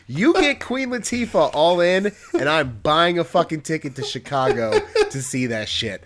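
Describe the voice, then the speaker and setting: A man co-hosting a wrestling podcast, pitching wild match ideas eagerly and breaking into loud laughter. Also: normal speed, noisy background. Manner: eager, laughs hard, lively back-and-forth. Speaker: podcast co-host. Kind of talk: crude comedic wrestling podcast banter.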